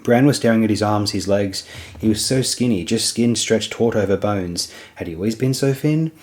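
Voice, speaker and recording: A man narrating a fantasy novel as an audiobook in a steady storytelling manner. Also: fairly low pitch, normal speed.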